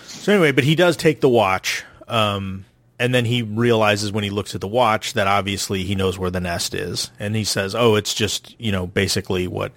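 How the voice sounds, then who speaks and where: A man's voice: fairly low pitch, moderate pace, fairly bright tone, no echo. A man hosting a casual podcast recap, retelling the plot with frequent ums and restarts. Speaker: podcast host.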